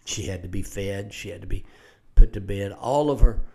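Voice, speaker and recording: A man's voice: lowish voice, moderate pace, gravelly, dark tone. Earnest older man preaching. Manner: earnest, repeats words when starting phrases. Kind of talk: radio Bible teaching.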